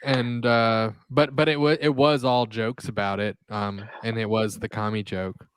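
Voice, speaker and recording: Man, mid-pitched voice, animated joking podcast co-host, dry close sound. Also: clear, resonant tone, no echo. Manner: animated, jokey, quick bursts. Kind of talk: casual livestream chat.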